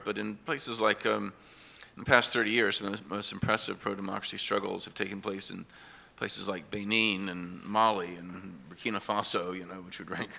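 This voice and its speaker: A man's voice: lowish voice, creaky, sharp tone. A man speaking earnestly on an academic conference panel, building his points with examples. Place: conference hall.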